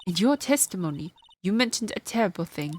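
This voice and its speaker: A woman's voice: mid-range voice, animated, a little fast, slight background noise, natural voice. A woman voicing a smug, condescending prosecutor in a video game. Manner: condescending, commanding.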